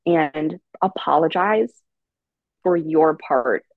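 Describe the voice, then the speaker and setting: Woman, parenting coach, low voice, dry close podcast recording, patient and explanatory. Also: takes it slowly, dry recording, narrow, tinny audio. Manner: calm, explanatory, uses many fillers. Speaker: parenting educator guest. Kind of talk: casual advice chat.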